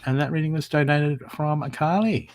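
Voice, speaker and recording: A man giving live psychic readings from home, talking in an animated, encouraging way with a lot of repetition. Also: fairly high pitch, normal speed, slight background noise. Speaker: psychic reader. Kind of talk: live-streamed spiritual reading.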